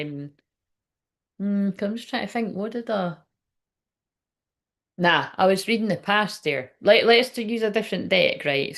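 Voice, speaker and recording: A woman with a slightly low voice gives a loose, casual tarot reading. She rambles and circles back on herself, dropping swear words and filler words as she goes. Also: fairly bright tone. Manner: chatty and rambling, swears freely, many fillers. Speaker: tarot reader.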